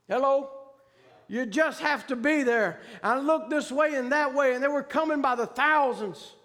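A man's voice: very high voice, normal speed, a bit bright, long reverb tail. A man preaching a sermon with fervent emphasis and plain vernacular grammar as he recounts a vision.

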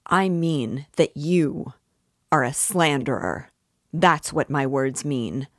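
A man's voice: fairly high pitch, a little slow, no echo, clean studio sound. A woman voicing a heated, righteous young man. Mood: indignant, heated. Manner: heated, insistent, repeating himself. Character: earnest angry young man, short-sighted, righteous.

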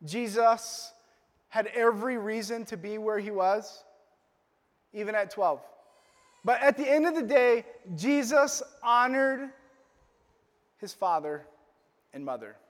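A man's voice: high-pitched, lively intonation, takes it slowly, pauses often. A man preaching a sermon as a pastor, telling the story playfully with joking asides. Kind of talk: Father's Day sermon. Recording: long reverb of a large hall.

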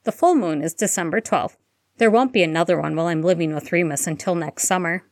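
A woman's voice: fairly low pitch, fast talker, dry recording, studio quality, close to an everyday voice. A woman reading aloud, voicing a defensive teenage boy who speaks emphatically and huffily. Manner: emphatic, demanding, huffy.

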